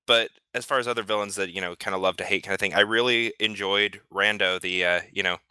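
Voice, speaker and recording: Bright, crisp-voiced man chatting eagerly. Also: fairly low pitch, steady tone, fast, no echo. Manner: enthusiastic, stammers on restarts. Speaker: podcast panelist. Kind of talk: casual discussion.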